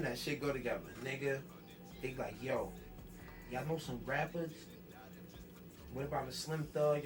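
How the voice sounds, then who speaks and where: A New York man, heard from far off the mic, speaks at a medium pitch as a guest rapper on an interview. He spins a long, animated story thick with street slang, performing the voices of everyone he quotes.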